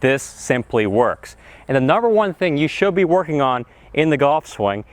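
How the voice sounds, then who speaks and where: Excitable golf coach with a lively voice. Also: male voice, fairly high pitch, moderate pace, dry recording. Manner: excitable, exclamatory, enthusiastic. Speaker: golf instructor. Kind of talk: energetic golf lesson to camera. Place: outdoors on a golf practice area.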